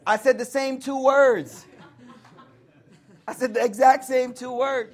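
An African American man from the United States giving a lively, conversational religious lecture, acting out voices to show tone. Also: very high voice, moderate pace, pauses often. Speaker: Islamic teacher.

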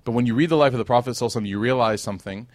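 A man's voice: mid-range voice, rapid-fire, no room sound. A man teaching an evening religious class in a casual, conversational way, often checking in with "right?" and acting out the people in his stories.

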